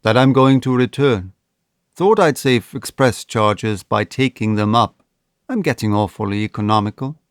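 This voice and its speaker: A man doing a cool calm safecracker. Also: mid-range voice, normal speed, smooth, no room sound, clean studio sound, close to an everyday voice. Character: cool young male safecracker.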